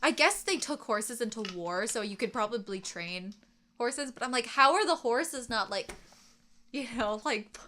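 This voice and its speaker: A woman co-hosting a casual anime reaction chat, chatty and animated, laughing often and trailing off mid-sentence. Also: fairly high pitch, moderate pace, slight background noise. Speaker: co-host reacting to an anime episode.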